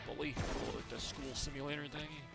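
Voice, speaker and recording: A man's voice: mid-range voice, fairly even intonation, fairly quick, creaky, loud music behind the voice. A man streaming a game live, chatting casually with viewers, rambling and laughing often.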